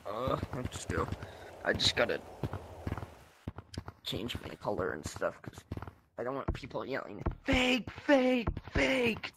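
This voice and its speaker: A man's voice: on the low side, lively intonation, a little slow, long pauses, background noise. A young man chatting casually while gaming with a friend, laid-back and dry.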